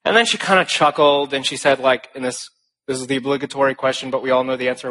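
A man's voice: mid-range voice, quick pace, sharp tone. A young man giving a speech to an audience, telling stories with earnest emphasis and flashes of humor. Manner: emphatic rhetorical phrasing. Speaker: speaker.

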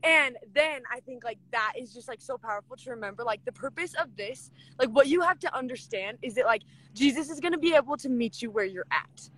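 A woman's voice: high-pitched, lively intonation, a little fast, few pauses, fairly bright tone. A young woman giving a casual, gushing scripture talk, packed with "like" and retelling stories as chatty back-and-forth. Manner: gushing, filler-heavy with constant "like". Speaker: devotional speaker.

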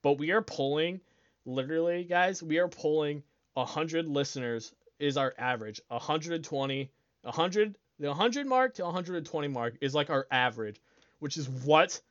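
A man's voice: a little high, lively intonation, normal speed, fairly bright tone, no echo, highs cut off. A young man hosting a casual podcast on his own, rambling, swearing a lot and laughing often. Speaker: podcast host. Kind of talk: casual solo podcast chat.

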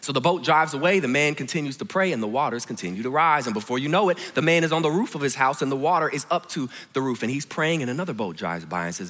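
A man preaching a sermon, telling a story and moving between hushed and emphatic delivery. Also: medium pitch, expressive, quick pace, hardly any pauses, in a large hall. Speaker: pastor. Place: large church hall.

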